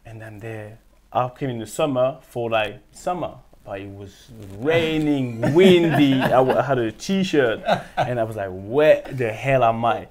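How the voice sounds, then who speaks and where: French guy spinning stories in english, lively, acts out the other voices, laughs a lot. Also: mid-range voice, measured pace. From France. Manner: animated, acts out quoted voices, laughs often. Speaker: guest, former footballer. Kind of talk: casual storytelling interview.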